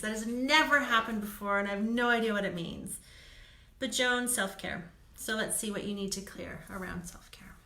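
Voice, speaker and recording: A woman's voice: on the high side, pushed and bright, roomy sound. A woman doing live card readings for viewers, chatty and laughing often, checking in with "okay?". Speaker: intuitive card reader.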